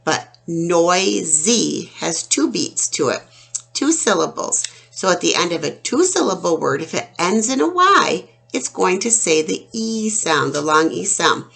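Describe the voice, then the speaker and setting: A woman teaches a phonics lesson for children. She speaks slowly in a fairly low voice with a gravelly edge, stretching out each word as she sounds it out clearly. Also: very animated, a bit bright. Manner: slow, clear, drawn-out sounding out of words.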